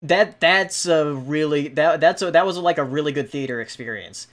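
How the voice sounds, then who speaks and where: A man's voice: a little high, normal speed, a bit bright. A man hosting a casual podcast chat, talking hesitantly with many ums and restarts.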